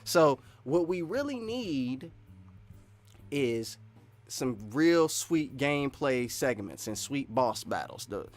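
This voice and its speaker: A man giving casual, excitable live-stream commentary while wearing earphones, rambling and swinging between loud and soft. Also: medium pitch, slow pace. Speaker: streamer reacting to game news.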